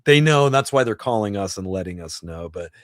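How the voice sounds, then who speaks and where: A man in his fifties, a New Jersey native, chats bluntly and profanely while hosting a laid-back live Q&A from his home setup, rambling and often restarting. His voice is on the low side, animated and a little fast, in clean studio sound without echo.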